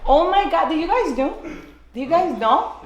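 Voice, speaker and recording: A woman's voice: extremely high pitch, expressive, normal speed, muffled recording. A woman reacting to being proposed to, laughing, gushing and repeating herself in disbelief. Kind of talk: emotional unscripted reaction. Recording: echoey room, voice from a distance.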